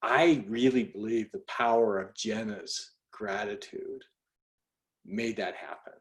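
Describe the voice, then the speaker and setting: A middle-aged man, a speaker, telling a personal story on a group call in an animated, conversational way, with many fillers and restarts. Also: on the low side, takes it slowly.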